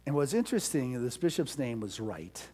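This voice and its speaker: A middle-aged male pastor giving a storytelling sermon, dropping to soft asides and rising to loud, emphatic peaks. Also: mid-range voice, sing-song, moderate pace, breathy edge.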